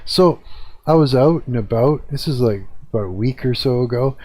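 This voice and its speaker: A man's voice: medium pitch, animated, normal speed, darkish tone. A young man ranting casually and profanely to his live-stream viewers from his hot apartment, talking into a desk mic. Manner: profane, rambling, chatty with viewers. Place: hot apartment room with a fan. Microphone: desk mic at computer.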